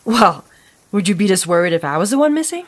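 A woman's voice: medium pitch, big pitch swings, fast. A woman voicing an exasperated young woman hiker with a sarcastic edge.

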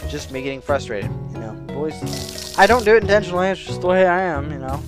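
A young man giving casual let's-play commentary, a loud, excitable talker who bursts into yelling. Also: fairly high pitch, fairly quick. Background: faint game music.

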